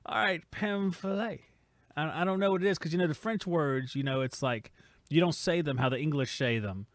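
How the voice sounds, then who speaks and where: A man's voice: on the high side, fairly quick, no room sound. A man hosting a casual live stream from a home studio, reading chat comments aloud and teasing the commenters in a rambling, joking way.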